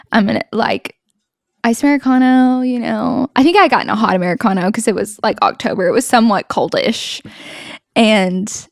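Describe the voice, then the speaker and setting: A woman's voice: a little high, no room sound, clean studio sound. Chatty young woman telling a story. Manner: chatty, laughing, acts out quoted dialogue. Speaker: podcast host. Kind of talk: casual story-time chat.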